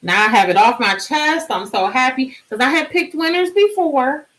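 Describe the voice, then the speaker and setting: A woman's voice: high voice, expressive, moderate pace, a bit bright, rough recording. A woman hosting a casual live stream, chatty and bubbly, sleepy and singing out little cheers.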